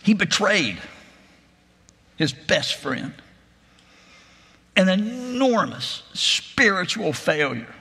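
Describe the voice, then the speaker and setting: A man's voice: high-pitched, sing-song, drawn-out words, gravelly, long pauses, pushed and bright, slightly rough. A man preaching a sermon, retelling a gospel story in a reflective, imaginative way. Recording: long reverb of a large hall.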